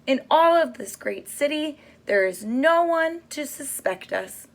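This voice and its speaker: A woman's voice: high voice, lively intonation, a little slow, creaky, voice pushed up, heavily acted. Brief: woman voicing a boastful male sneak thief, smug and mocking, storybook.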